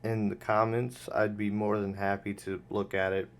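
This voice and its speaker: A man's voice: on the low side, level tone, normal speed. A man giving casual, sarcastic, exasperated commentary on a video clip.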